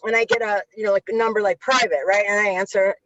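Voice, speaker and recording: A woman's voice: mid-range voice, fairly even intonation, quick pace, fairly bright tone, highs cut off. A woman guest author telling stories energetically in an interview, words tumbling out and running over the host. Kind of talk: animated interview storytelling.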